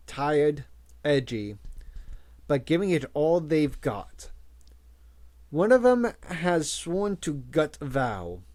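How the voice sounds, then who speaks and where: A man reading the part of a gruff, blunt older commando trainer with dry humor. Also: fairly high pitch, big pitch swings, slow pace, pauses often, darkish tone. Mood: wry.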